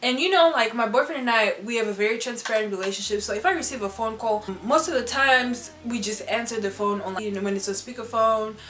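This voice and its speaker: A young adult woman telling a storytime vlog in an animated, chatty way, full of "like" and "you know". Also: fairly high pitch, fast talker, few pauses. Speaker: vlogger. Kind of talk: casual storytime chat. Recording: roomy room with faint music.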